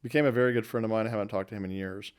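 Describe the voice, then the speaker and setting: A man in his fifties spins loose, folksy stories from his working life, correcting himself as he goes. His voice sits low and smooth, with a steady, fairly even tone. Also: very fast. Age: 50s. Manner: folksy, rambling anecdotes with self-corrections. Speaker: guest recounting his restaurant career. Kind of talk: casual storytelling interview.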